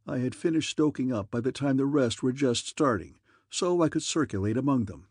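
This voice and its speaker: A man's voice: medium pitch, expressive, fairly quick, a little mellow, breathy edge, no echo, studio quality. A man reading an audiobook in wry, easygoing first-person narration.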